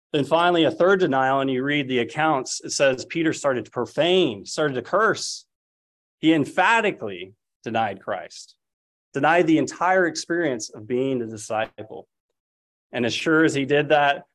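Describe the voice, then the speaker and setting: A man in his thirties preaching a sermon, retelling scripture and family stories, acting out the people he quotes. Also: medium pitch. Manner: storytelling, quotes figures in raised voices.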